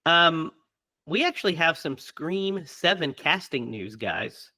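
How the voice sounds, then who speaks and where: A man's voice: a little high, big pitch swings, slow pace, sharp tone, no room sound. Chatty man hosting a horror podcast. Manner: chatty, laughs often, stumbles with fillers. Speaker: podcast host. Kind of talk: casual podcast chat.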